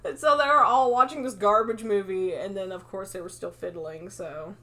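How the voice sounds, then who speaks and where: A woman co-hosting a podcast, casually retelling a story with quick asides, swearing and frequent laughter. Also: mid-range voice, steady tone, bright, forceful tone. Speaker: podcast co-host. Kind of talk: casual chat, retelling a fanfic with quoted voices.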